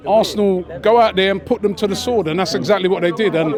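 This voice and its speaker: A young man chatting excitedly as a fan after a match, repeating himself with lots of fillers. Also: high-pitched, quick pace. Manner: animated, repeats phrases, many fillers. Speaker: interviewed fan. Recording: crowd noise outdoors.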